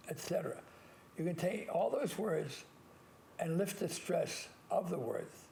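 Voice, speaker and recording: An older man with a gravelly, creaky voice sitting a little high, talking as a priest on his own call-in show. He leans on single words, slows right down to stress them, and restarts himself often. A faint low rumble sits under the recording. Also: darkish tone. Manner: earnest, repetitive, stresses key words slowly, with frequent restarts. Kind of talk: call-in show monologue, motivational advice.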